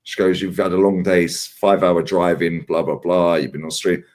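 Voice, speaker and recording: Speaking at a normal speed in a low voice, a man in his 40s shares stories during a relaxed fan livestream where he's a regular guest. He's lively, swears a lot, and mimics the lines of the people in his tales.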